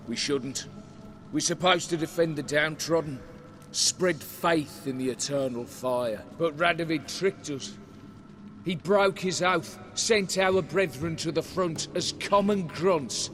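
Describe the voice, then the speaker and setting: An actor playing a bitter, proud knight in a video game, slow and aggrieved. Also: male voice, fairly high pitch, slight background noise. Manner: slow, aggrieved, rising to shouts.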